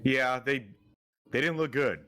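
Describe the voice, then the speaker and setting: A man co-hosting a casual fantasy football podcast, giving measured advice to listeners with a teasing streak. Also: mid-range voice, bright, forceful tone, slight background noise. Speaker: podcast co-host. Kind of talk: casual sports chat.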